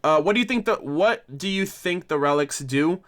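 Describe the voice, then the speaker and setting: A man's voice: a little high, expressive, normal speed, fairly bright tone. A man hosting a casual livestream discussion, rambling and correcting himself with frequent laughs. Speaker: livestream host.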